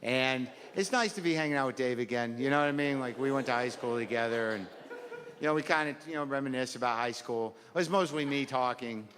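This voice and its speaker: A man's voice: mid-range voice, fairly quick, fairly bright tone. A male stand-up comedian, rambling and neurotic, self-deprecating and profane, seated on a stage before a live audience. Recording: live hall recording with crowd laughter.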